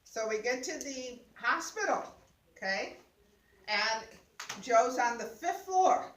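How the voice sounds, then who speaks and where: Older woman, higher voice, animated storyteller, echoey room, mic set back. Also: slow, slight background noise. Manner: laughing, exclaiming, acts out voices. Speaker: guest sharing a personal story. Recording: roomy sound, mic at a distance.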